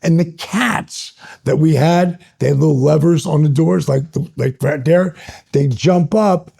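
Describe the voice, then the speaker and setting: A man in his sixties, a retired wrestler, telling stories as a guest in an interview in an animated, excitable way. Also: on the high side, measured pace, vocal fry, slightly rough. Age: 60s. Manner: animated, builds stories up excitedly, laughs between phrases. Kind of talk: storytelling in an interview.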